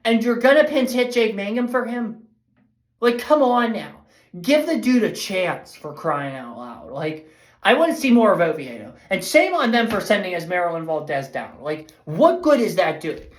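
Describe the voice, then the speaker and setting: A woman's voice: medium pitch, big pitch swings, moderate pace. A woman giving a casual, rambling, fired-up baseball recap as host of a fan show. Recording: echoey room.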